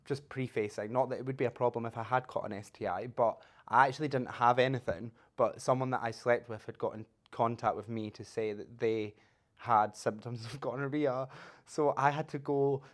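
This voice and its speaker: A man's voice: medium pitch, steady tone, normal speed. A man hosting a podcast, telling cheeky stories and laughing as he talks. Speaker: podcast host. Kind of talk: casual chat.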